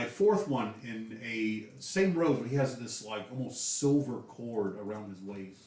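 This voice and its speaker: A man with a Southern US accent narrating a tabletop game as game master, full of fillers and restarts. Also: mid-range voice. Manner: lively, many fillers. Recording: echoey room, distant mic.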